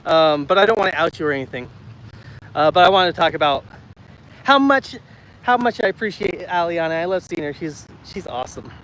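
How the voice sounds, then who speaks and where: A man's voice: a little high, lively intonation, a little fast, a bit bright, poor audio. A man in his thirties hosting a casual walking livestream in a city park, chatting with viewers and reading their comments aloud from a handheld phone. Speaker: livestream host. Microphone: phone held while walking.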